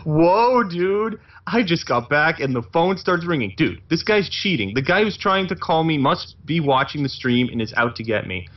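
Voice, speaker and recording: A man's voice: fairly high pitch, sing-song, normal speed, few pauses. A man putting on a whiny, foul-mouthed male gamer streamer who is paranoid and hot-tempered, ranting and cursing, on a muffled lo-fi recording. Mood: indignant. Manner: ranting, cursing, indignant whining.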